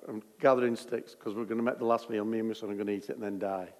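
A gloomy, resigned widow, as a male preacher puts her on, speaking low and flat. She sounds utterly defeated, and the voice rings around a large echoey hall. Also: racing, natural voice. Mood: glum. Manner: flat, glum, low and quiet. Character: gloomy resigned widow woman, poor mother.

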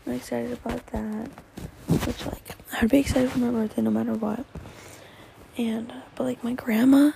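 Gravelly teen girl rambling softly. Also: fairly high pitch, fairly even intonation, normal speed, a little hiss or hum, poor audio. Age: teens. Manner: rambling, many fillers, often dropping to a whisper. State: tearful. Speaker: podcast host. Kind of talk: solo podcast chat.

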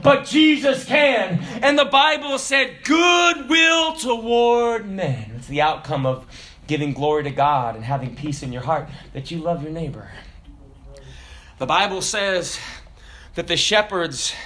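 A man in his forties preaching a sermon, swinging between shouted declarations and low, quiet asides. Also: expressive, measured pace. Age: 40s. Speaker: pastor.

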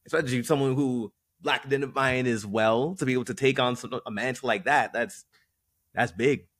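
A young man hosting a conversational interview, attentive, with soft backchannels. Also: medium pitch, normal speed, no room sound, clean studio sound. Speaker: interview host.

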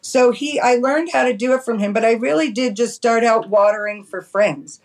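A middle-aged woman from New York City, a cannabis farmer telling stories in a chatty, animated way as a podcast guest. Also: a little high, moderate pace, low-quality recording. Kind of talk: casual storytelling.

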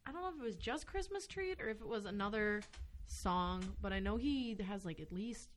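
A woman's voice: mid-range voice, animated, a little fast, a little hiss or hum. A young woman co-hosting a casual podcast chat, rambling and filling her talk with "like". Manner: rambling, lots of "like" fillers. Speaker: podcast co-host. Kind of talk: casual chat about music.

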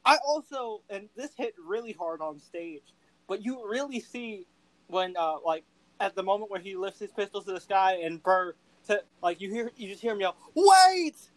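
A man's voice: high-pitched, moderate pace, dry recording, poor audio. A man co-hosting a podcast, chatting casually and with feeling, acting out and singing quotes. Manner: animated, gushing, sings and acts out quotes. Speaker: podcast co-host.

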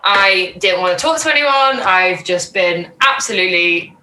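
A woman co-hosting a podcast, telling stories in animated, sweary casual chat. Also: lowish voice, moderate pace. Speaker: podcast co-host. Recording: roomy echo, faint noise.

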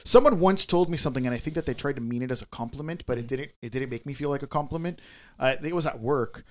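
A man's voice: mid-range voice, fast talker. A man co-hosting a podcast, telling a candid, rambling confessional story in casual chat. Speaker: podcast co-host.

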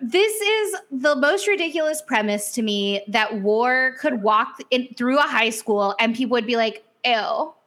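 A woman's voice: a little high, a little slow, few pauses. A woman co-hosting a casual chat show, recapping a TV series with lots of laughs and fillers. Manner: animated, chatty, laughs often, many fillers. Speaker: podcast co-host.

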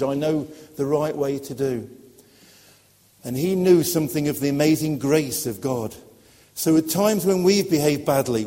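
A man delivers a sermon to young people, earnest and a little halting as he searches for words. His voice is mellow and warm, and a long echo of a hall trails after it. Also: on the high side. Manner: earnest, hesitant with fillers. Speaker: preacher. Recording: echoey hall.

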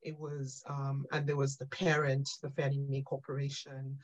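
A woman being interviewed on a podcast, telling animated stories about her career and often checking in with "right?" and "you know". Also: rumbling low, normal speed, highs cut off. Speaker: guest.

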